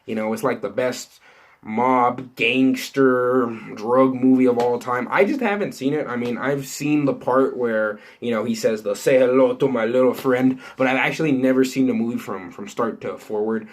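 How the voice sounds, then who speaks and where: A man's voice: mid-range voice, moderate pace. A man hosting an entertainment news vlog, talking casually and rambling with many fillers and restarts. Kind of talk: casual unscripted chat to viewers.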